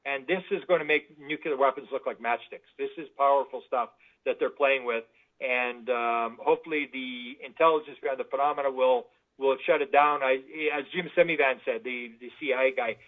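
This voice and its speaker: A man telling stories as a guest in an interview, animated and full of restarts. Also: medium pitch, moderate pace. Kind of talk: anecdotal interview storytelling. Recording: tinny phone-like line.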